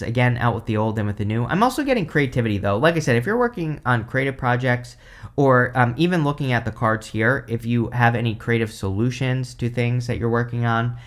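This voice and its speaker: A man giving a casual tarot reading to camera, rambling with many fillers and restarts, tired and stifling yawns. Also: medium pitch. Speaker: tarot reader.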